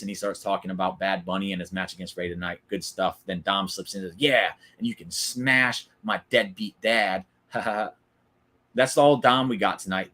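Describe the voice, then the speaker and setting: A man's voice: on the low side, sharp tone. Opinionated man, chatty live recap host. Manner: opinionated, chatty, answers chat viewers by name. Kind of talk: casual live-stream commentary.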